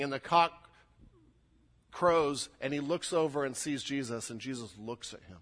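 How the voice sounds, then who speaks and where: Animated bright-voiced male preacher. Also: mid-range voice, moderate pace. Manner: animated, acts out quoted lines with rising intensity. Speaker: pastor. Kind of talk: sermon.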